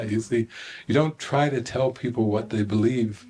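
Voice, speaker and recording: A man's voice: medium pitch, moderate pace, a little hiss or hum. An older man giving a spiritual retreat talk, telling stories with laughter and acting out the voices of the people in them. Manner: animated storytelling with laughter and acted-out quotes. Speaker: spiritual teacher.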